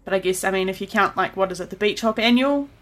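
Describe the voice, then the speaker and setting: A woman's voice: mid-range voice, quick pace. A woman with a New Zealand accent hosting a podcast, chatty and self-deprecating, laughing often. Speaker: podcast host. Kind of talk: casual chat.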